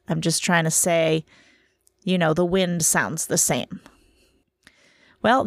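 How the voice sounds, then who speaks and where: Chatty, low-voiced woman podcaster. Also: no room sound, studio quality. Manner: self-deprecating, chatty, rambling. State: tired from lack of sleep. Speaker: podcast host. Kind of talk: casual solo podcast monologue.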